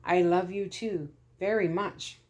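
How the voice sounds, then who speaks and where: A woman voicing a kind, relieved father who is a doctor, speaking gently. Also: lowish voice, steady tone, takes it slowly. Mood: tender.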